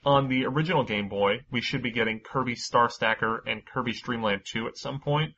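A man's voice: medium pitch, a little fast, lo-fi sound. Casual, swearing male podcast host. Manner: energetic, swears freely, laughs often. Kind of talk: casual chat and news rundown.

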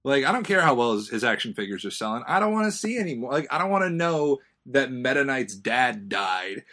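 A young man co-hosting a casual chat, rambling and jokey with excitable bursts. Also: mid-range voice, a little fast. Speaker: podcast co-host.

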